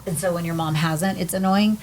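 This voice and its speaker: A woman's voice: on the low side, fairly even intonation, fairly quick, slight background noise, low-quality recording. A woman co-hosting a podcast, frankly talking through ideas at length in a casual chat. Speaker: podcast co-host.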